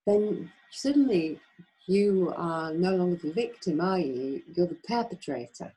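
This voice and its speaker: A woman's voice: medium pitch, expressive, measured pace, warm tone, husky, rough recording. A woman speaking off the cuff in a webinar, rambling and emphatic, often asking rhetorical questions. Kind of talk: impassioned off-the-cuff talk.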